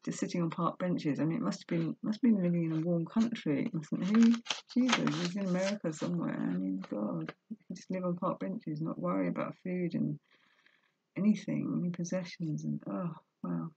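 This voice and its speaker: A woman with a low, husky voice reads a book aloud on her vlog and pauses for earnest, confessional commentary. The recording is dry and dull, like a lo-fi home setup. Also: big pitch swings, dark tone. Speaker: vlogger reading a book aloud. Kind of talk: reading aloud with personal commentary.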